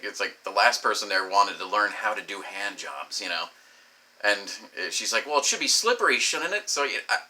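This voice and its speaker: A middle-aged man telling a crude personal story, animated and swearing freely. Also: low-pitched. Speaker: comedic storyteller.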